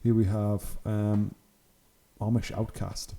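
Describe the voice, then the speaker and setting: Chatty man with a very dark voice. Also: fairly low pitch, level tone, takes it slowly. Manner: chatty, enthusiastic, laughs often. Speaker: channel host. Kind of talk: casual commentary on hobby photos.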